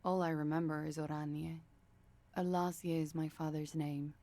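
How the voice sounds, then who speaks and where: Game witness, young woman, low, creaky, guarded, tired. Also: flat delivery, moderate pace, warm tone. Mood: questioned. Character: evasive, weary young woman under questioning. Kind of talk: video game voice acting.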